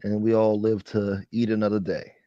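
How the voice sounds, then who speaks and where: A man's voice: on the low side, completely flat delivery, normal speed, warm tone, no room sound, highs cut off. A man hosting a casual late-night livestream chat, rambling and swearing as he reads and answers viewer comments. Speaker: livestream host.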